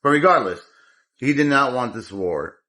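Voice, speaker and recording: Male commentator, mid-pitched, furious and profane, rambles and restarts mid-sentence. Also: expressive, moderate pace, pushed and bright. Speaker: political commentator. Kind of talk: angry political rant.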